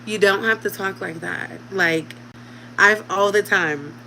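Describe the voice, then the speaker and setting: A woman's voice: mid-range voice, slow pace, vocal fry, pushed and bright, slight background noise, rough recording. A woman in her thirties, a mother talking casually at home to her channel's viewers, chatty and direct with them. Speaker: vlogger. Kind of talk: casual chat to camera.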